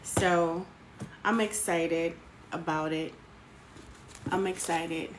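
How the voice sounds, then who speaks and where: A woman's voice: on the low side, steady tone, extremely slow. Woman, live tarot host, chatty and affectionate with viewers, noisy home recording. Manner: chatty, greets viewers by name, calls them sweetheart. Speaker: tarot reader hosting a live stream. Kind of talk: casual live-stream chat.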